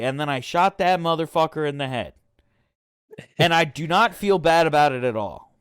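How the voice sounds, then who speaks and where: A man's voice: a little high, expressive, measured pace, a bit bright, clear, resonant tone, no echo, studio quality. Young man rambling through a game story. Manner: rambling storyteller, swears, laughs often. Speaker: podcast co-host. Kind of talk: casual gaming chat.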